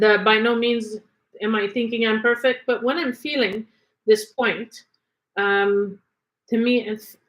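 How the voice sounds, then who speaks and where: A woman's voice: fairly high pitch, rough recording. A woman teaching energy work in a casual, conversational way, often asking rhetorical questions. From Canada.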